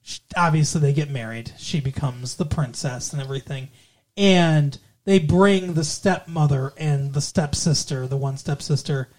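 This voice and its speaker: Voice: mid-range voice, normal speed, darkish tone. Rambling, foul-mouthed podcast co-host. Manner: rambling, swears freely, acts out characters' lines. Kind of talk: casual movie discussion.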